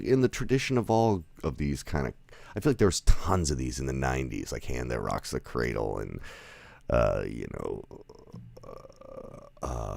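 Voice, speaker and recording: A man's voice: very deep voice, vocal fry, dry recording. A man giving a casual movie review, rambling with lots of fillers, restarts and chuckling asides. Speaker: film reviewer.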